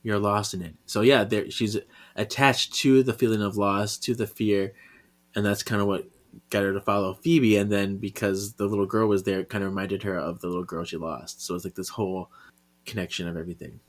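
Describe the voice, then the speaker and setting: A man co-hosting a podcast in casual chat, earnest and emotive, his sentences often trailing off softly. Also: fairly low pitch, level tone, brisk. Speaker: podcast co-host. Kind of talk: casual chat, reading a comic aloud.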